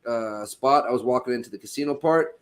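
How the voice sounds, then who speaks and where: A man co-hosting a laid-back sports gambling stream. He tells a wild story loosely, with plenty of swearing and a voice at an ordinary middle pitch. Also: a little fast, clear, resonant tone. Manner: profane, animated storytelling. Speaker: podcast co-host. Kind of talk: casual sports chat, storytelling.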